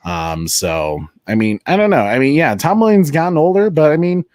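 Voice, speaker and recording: A man's voice: a little high, animated, moderate pace, a little mellow, no echo. A man hosting a casual live chat show, rambling through tangents and laughing often. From Colorado, United States. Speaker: show host.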